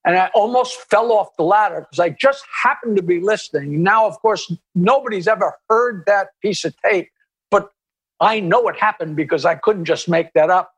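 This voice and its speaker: A male comedian, an interview guest, telling stories in an animated, rambling way with many restarts and asides. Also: sits high, moderate pace, slightly rough. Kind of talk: anecdotal storytelling in an interview.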